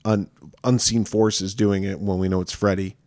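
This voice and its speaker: A man co-hosting a podcast, casually recapping a film and acting out characters in high falsetto voices. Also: level tone, moderate pace, darkish tone, no room sound. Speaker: podcast co-host.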